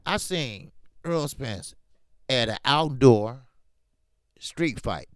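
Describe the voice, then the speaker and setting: Drawing out his words in a mid-range voice, a man hosts a laid-back boxing talk stream, animated, emphatic, and prone to slang. The recording is dry and studio-clean.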